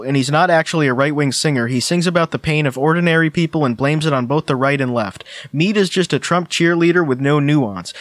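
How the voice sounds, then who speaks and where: A man hosting a podcast in casual chat, reading online posts aloud with wry, deadpan asides. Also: on the high side, dry recording, studio quality. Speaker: podcast host.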